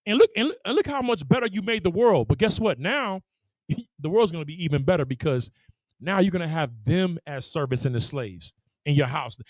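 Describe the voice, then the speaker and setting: A man teaching a congregation, animated and laughing as he acts out voices. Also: on the high side, a little fast, no room sound, low-quality recording. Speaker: religious teacher. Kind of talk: lively preaching to a congregation.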